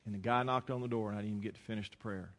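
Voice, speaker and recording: Preacher guy, bright voice, tells a story then gets loud and preachy, big echoey church. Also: fairly low pitch, fairly even intonation, very fast. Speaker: pastor. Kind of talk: sermon.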